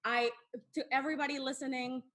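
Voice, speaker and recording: High-voiced animated woman mixing in Spanish. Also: fast. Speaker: podcast co-host. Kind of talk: casual wrestling chat.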